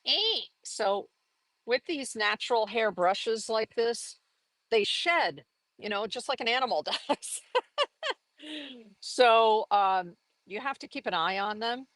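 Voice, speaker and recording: A woman giving a casual live painting lesson, chatty and upbeat, laughing often and jumping into high exclamations. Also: slow pace, pauses often, fairly bright tone, no room sound, rough recording. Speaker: art teacher.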